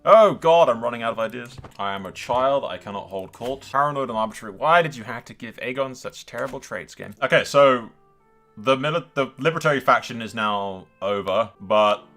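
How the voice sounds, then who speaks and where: A man's voice: mid-range voice, fairly quick, soft background music. A man playing a strategy game at home, chatting casually to his viewers, laughing and talking to the characters on screen. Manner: animated, talks to the game characters, laughs often. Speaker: gaming YouTuber. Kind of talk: casual let's-play commentary.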